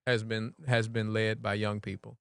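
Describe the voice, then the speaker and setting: A man serving as mayor, talking relaxed in an interview and often checking in with "right?". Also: lowish voice, normal speed, vocal fry, smooth, dry recording, studio quality. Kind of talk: conversational interview.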